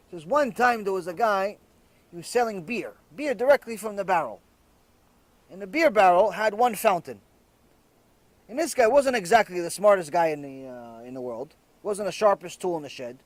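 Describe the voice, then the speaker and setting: A rabbi delivering a lecture, acting out the voices in a teaching story with lots of swing in his delivery. His voice sits high for a man, and the sound is close and dry, with no room echo. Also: moderate pace. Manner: animated storyteller acting out dialogue.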